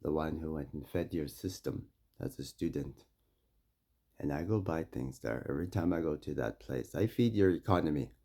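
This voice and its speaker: A man from Saskatchewan, Canada, speaking directly to a mayor and making demands, with confrontational stories that swing between loud and quiet. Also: a bass voice, moderate pace. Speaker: First Nation community member addressing a mayor. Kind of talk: impassioned direct address and storytelling.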